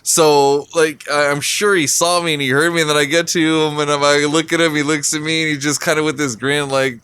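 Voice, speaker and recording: A man's voice: a little high, level tone, a little fast, hardly any pauses, pushed and bright, smooth, dry recording. A man co-hosting a casual drinking podcast, telling a story full of swearing and laughter. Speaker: podcast co-host. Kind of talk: casual drinking-show chat.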